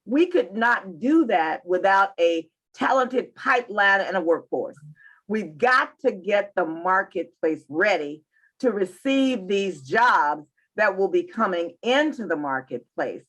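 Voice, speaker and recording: A woman's voice: mid-range voice, animated, takes it slowly, fairly bright tone. An emphatic woman, speaking as an interview guest. She leans on her main points and repeats them so they land. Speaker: chamber of commerce president and CEO.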